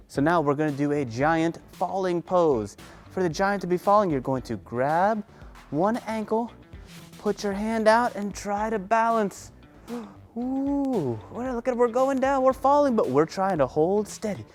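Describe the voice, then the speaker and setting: A woman leading a children's yoga lesson through a story, animated and playful, gasping with excitement. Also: medium pitch, a little slow, soft background music. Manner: animated, playful, lots of gasps. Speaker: kids' yoga teacher.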